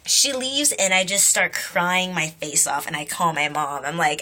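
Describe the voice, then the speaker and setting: A young woman vlogger telling a story casually, animated, swearing freely and laughing as she talks. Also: lowish voice, measured pace, few pauses.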